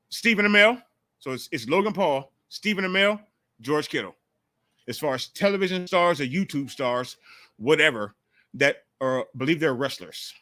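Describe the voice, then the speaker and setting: A man hosting a casual call-in sports talk livestream, talking in an animated, profane way on a close mic. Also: on the high side, no room sound. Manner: animated, profane, jumps into mocking quotes. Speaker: call-in show host.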